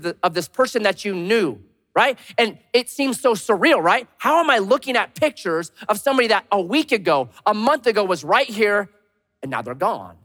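A man in his thirties, a pastor giving a sermon, swinging between loud punchy lines and hushed slow emphasis. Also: high-pitched. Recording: long reverb of a large hall.

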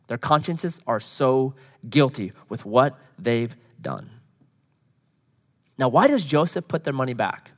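A man's voice: fairly high pitch, a little slow. A man preaching a sermon, retelling scripture in a conversational way and voicing the characters, laughing at his own jokes. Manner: animated, acts out quoted lines, laughs at own jokes. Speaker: pastor.

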